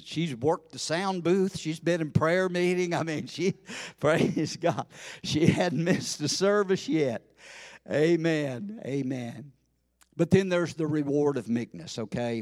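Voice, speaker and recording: A man preaching a sermon in a church service, folksy and full of amens, building to fervent shouts. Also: on the high side, no echo, clean studio sound. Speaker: pastor.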